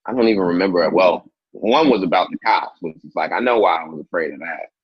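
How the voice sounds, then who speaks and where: Male comedian guest, deep raspy voice, animated storyteller, lo-fi audio. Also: fast talker, dry recording. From Indianapolis, Indiana. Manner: animated storyteller, acts out quotes in a much higher voice. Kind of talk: casual interview storytelling.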